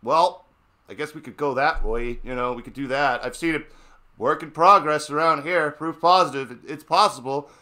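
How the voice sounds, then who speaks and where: A man's voice: a little high, normal speed, pushed and bright. A man in a casual political chat, ranting and swearing, mocking the people around him. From New England. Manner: ranting, profane, mocking voices. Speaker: stream co-host.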